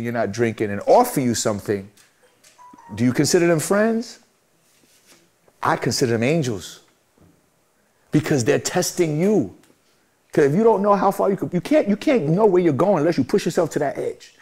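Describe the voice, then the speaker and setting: Middle-aged New man, interview guest; emphatic, preachy repetition, voice on the higher side. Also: a little mellow. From Brooklyn, New York. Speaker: guest, music manager. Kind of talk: candid interview talk.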